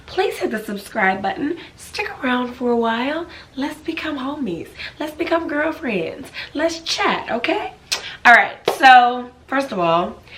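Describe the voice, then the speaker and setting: A woman vlogger chatting casually to camera, hoarse and raspy from a cold, easily out of breath, talking in a friendly way full of likes and ums. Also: mid-range voice, a bit bright, slight background noise.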